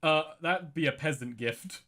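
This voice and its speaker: A man's voice: a little high, a little slow, bright, forceful tone. A man playing a tabletop game, chatty and musing aloud about his choices. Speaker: player. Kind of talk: casual tabletop play.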